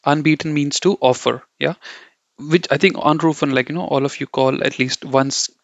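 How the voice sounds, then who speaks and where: A man's voice: a little high, fairly even intonation, normal speed, gravelly, no room sound. A man teaching German from slides in a casual, rambling way, repeating himself and checking in with "okay?" and "you know". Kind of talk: casual slide-based lesson. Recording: dry, dull lo-fi sound.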